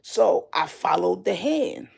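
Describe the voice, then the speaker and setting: A woman's voice: mid-range voice, big pitch swings, vocal fry, a little mellow, slightly rough. A woman telling a personal dream story casually and candidly, swearing freely as she talks. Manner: slow and drawn out. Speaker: vlogger.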